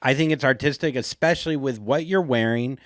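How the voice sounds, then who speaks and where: A man's voice: medium pitch, no echo, clean studio sound. A man co-hosting a podcast in casual chat, playful and jokey. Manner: playful, jokey, quick to laugh. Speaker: podcast co-host.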